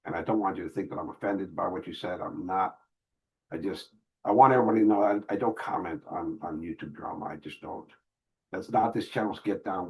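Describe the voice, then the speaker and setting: A man's voice: mid-range voice, a little fast, poor audio. A middle-aged man hosting a casual livestream Q&A, reading viewer messages aloud and answering candidly in street slang. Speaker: livestream host reading super chats.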